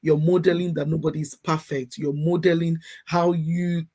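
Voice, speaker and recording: A fairly high-voiced male host speaks over a video call. He sounds affirming and reflective as he sums up a guest's point. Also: little pitch movement, normal speed, a little mellow. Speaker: conference host.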